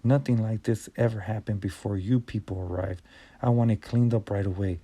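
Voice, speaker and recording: A man voicing a gruff, bossy male team leader who scolds and shouts at his workers. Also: lowish voice, steady tone, normal speed. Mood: stern scolding.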